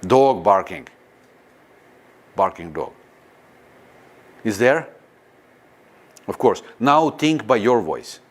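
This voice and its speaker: A man teaching a guided meditation in non-native, halting English, often pausing to question a live audience. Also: fairly low pitch. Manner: slow and lively, questions the audience. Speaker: spiritual teacher.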